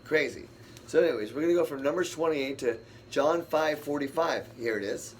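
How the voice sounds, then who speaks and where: Speaking fairly quickly in a higher-pitched voice, this man runs an informal Bible study, wandering through his thoughts and responding aloud to the scripture he reads. Slight background noise sits behind him.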